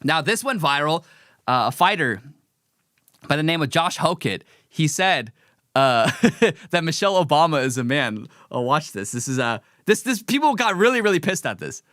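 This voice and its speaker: A man's voice: on the high side, sing-song, moderate pace, a bit bright, no echo, studio quality. Heated, emphatic male commentary host. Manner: heated, emphatic, preachy, mocking. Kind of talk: opinionated live-stream commentary.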